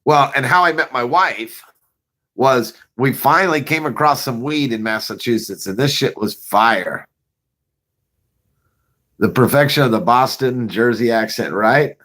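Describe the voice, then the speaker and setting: A man's voice: mid-range voice, measured pace. A man spins a casual, profanity-laced yarn on his own show. He laughs as he goes and acts out what happened, with a voice in the middle of the usual male range. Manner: profane, laughing, animated retelling. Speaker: vlogger. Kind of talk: casual storytelling.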